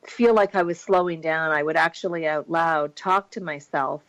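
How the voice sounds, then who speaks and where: A woman guest on an interview show recounts a personal story in a slightly low voice. She tells it animatedly, laughing often and mimicking voices as she goes. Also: moderate pace, a bit bright, low-quality recording.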